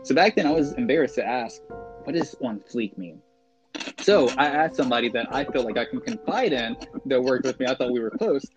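A man's voice: mid-range voice, animated, fast talker, few pauses. A man as a podcast guest in casual chat, a talkative storyteller who speaks properly with many fillers. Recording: dull lo-fi podcast audio with music.

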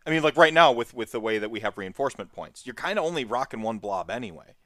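A man in casual chat who talks in an animated rush, jumping up in pitch and circling back over his own words. He keeps starting sentences over and piling on fillers. The sound is dry and close, with no room around him. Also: fast talker, no room sound. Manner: animated, rambling with many restarts and fillers. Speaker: podcast co-host.

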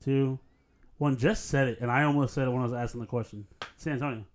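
A man running a casual trivia game for friends on a podcast, laid-back and quick to laugh. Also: medium pitch, steady tone. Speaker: quiz host.

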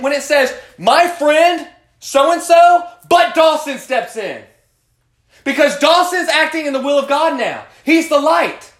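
Youth Bible study teacher, man, high-pitched, preachy, questions the group, echoey room. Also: a bit bright. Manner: preachy, asks the group questions, calls on students by name.

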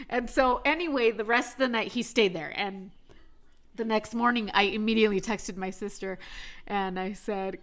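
A woman's voice: mid-range voice, steady tone, normal speed, fairly bright tone. A pregnant young woman telling a personal story in a candid, chatty way, laughing often and swearing now and then. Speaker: vlogger.

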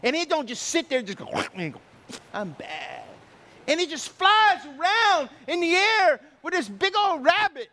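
A man's voice: very high-pitched, animated, moderate pace, few pauses, bright, forceful tone. A middle-aged man preaching a sermon, telling stories with sound effects and acted asides. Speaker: pastor.

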